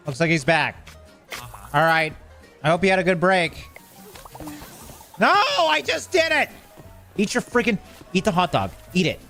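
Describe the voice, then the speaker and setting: A man's voice: fairly high pitch, fairly bright tone. A man giving casual running commentary while playing a game, chatting to the characters on screen and getting flustered as things go wrong. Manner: talks to game characters, swears mildly, gets flustered. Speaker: gameplay commentator.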